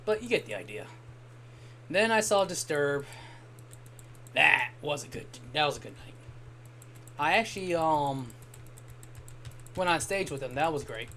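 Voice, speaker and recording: Bright and forceful, this young man's fairly high voice swings a lot in pitch, moving at a measured pace with long pauses. A little hiss or hum sits under his casual game-stream chat, where he tells rambling stories and swears occasionally.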